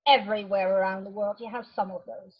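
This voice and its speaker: A woman's voice: mid-range voice, fairly even intonation, fast, a crowd in the background. A woman chatting casually, laughing often between remarks. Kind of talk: casual chat. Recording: dull lo-fi stream audio.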